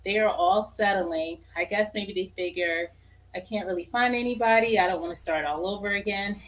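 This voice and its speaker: A woman's voice: medium pitch, moderate pace. A woman on a podcast panel giving frank, exasperated opinions in casual chat.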